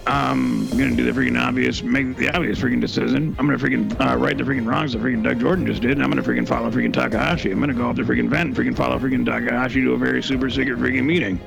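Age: adult. Sex: man. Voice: very gravelly, fast. Style: blustering improvised comedy, a "freaking" in every phrase. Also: medium pitch, little pitch movement, music in the background. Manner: says "freaking" constantly, brash and blustering. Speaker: improv player. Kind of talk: improvised comedy role-play.

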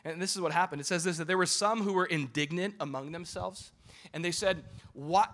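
A man preaching an impassioned sermon as pastor, swinging between loud urging and low intimate tones and often repeating his words. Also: brisk.

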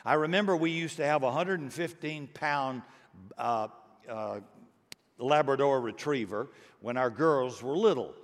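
A middle-aged male pastor preaching with earnest conviction, his voice sitting at an ordinary middle pitch. He pushes into emphatic bursts now and then, and the sound rings out with a long hall reverb. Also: a little slow. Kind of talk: sermon.

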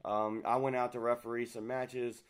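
A man's voice: medium pitch, little pitch movement, normal speed, clean tone. Man, host, casual chat, rambling, filler-heavy.

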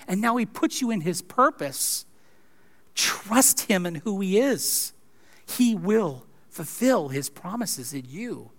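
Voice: mid-range voice, a bit bright. A pastor preaching a sermon in a conversational way, with wry asides.

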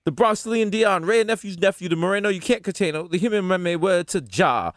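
A man co-hosting a podcast, rattling off boastful nicknames in rapid-fire riffs with swearing. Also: high-pitched, no room sound, studio quality. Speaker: podcast co-host. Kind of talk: hype intro of nicknames.

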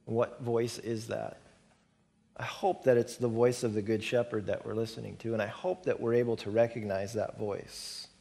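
A man's voice: medium pitch, level tone, moderate pace, gravelly, warm tone. A middle-aged male pastor giving a conversational sermon, repeating words for emphasis and lifting his voice on key points. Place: church sanctuary.

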